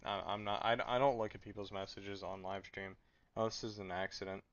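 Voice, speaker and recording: A sleep-deprived man with a lowish, fairly even voice chats briskly on a late-night live stream. He rambles casually, stammering and restarting, and his dull lo-fi mic colors the sound.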